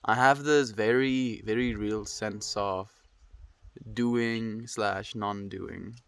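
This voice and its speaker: Stuffed-up young guy on a stream, kinda low voice, just musing and saying hi to chat. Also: steady tone, takes it slowly, vocal fry, smooth. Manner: rambling, reflective, greets viewers warmly. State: stuffy nose, snuffly. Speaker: livestreamer. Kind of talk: casual livestream chat.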